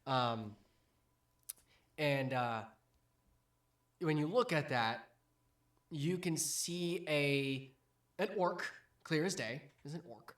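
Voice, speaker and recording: A man narrating a tabletop game as game master, hesitant and filling pauses as he describes scenes. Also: a little high, a bit bright. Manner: hesitant, many ums and restarts.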